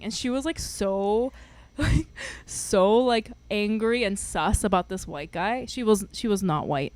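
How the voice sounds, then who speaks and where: A young woman co-hosting a podcast, telling a story in an animated, laugh-filled way with lots of fillers. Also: medium pitch, moderate pace. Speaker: podcast co-host. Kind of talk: casual chat, storytelling.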